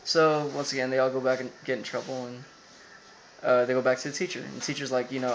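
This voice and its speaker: A man's voice: mid-range voice, flat delivery, quick pace, noisy background. Rambling young man recapping an episode. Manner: rambling with many fillers and quoted asides. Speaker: anime episode reviewer.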